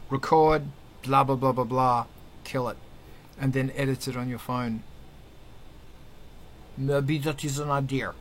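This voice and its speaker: A man hosting a casual panel chat, energetic and jokey as he hands questions to guests. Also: fairly high pitch, slight background noise. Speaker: host.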